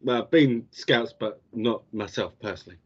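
Deadpan man, podcast co-host, mid pitch, dull lo-fi sound. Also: moderate pace, slightly rough. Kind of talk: casual storytelling.

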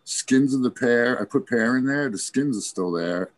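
A man's voice: medium pitch, moderate pace. A man hosting a casual podcast chat, laid-back and rambling, laughing often. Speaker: podcast host. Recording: faint background noise.

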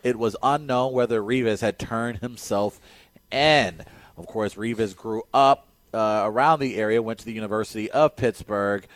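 A man's voice: on the low side, moderate pace, no echo. Opinionated man hosting sports talk. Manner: opinionated, emphatic, reads news items aloud then riffs. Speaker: sports talk show host.

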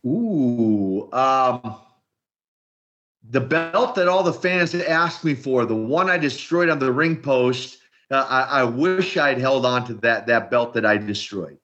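An older man, a retired wrestler, telling lively stories in an interview and acting out the quotes. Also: mid-range voice, takes it slowly. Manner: lively storyteller, acts out quotes. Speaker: retired pro wrestler guest. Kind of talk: animated storytelling interview. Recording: muffled lo-fi audio.

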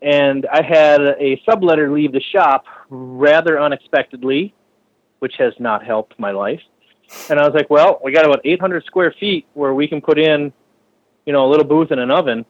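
A man from the Minneapolis area who runs a shop and builds bikes, talking casually and with lots of swearing, often acting out other people's lines in a higher voice. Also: normal speed, lo-fi sound. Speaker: shop owner and bike builder. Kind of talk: casual podcast conversation.

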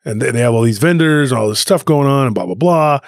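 A man retelling a listener's story on a podcast, animated and rambling, with frequent restarts. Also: mid-range voice, fairly quick, dry recording, clean studio sound. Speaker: podcast co-host.

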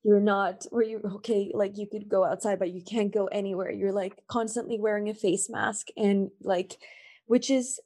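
A woman's voice: mid-range voice, fairly even intonation, normal speed, warm tone. A woman talking in a casual conversation over a call, emotional and rambling with many fillers. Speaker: podcast guest.

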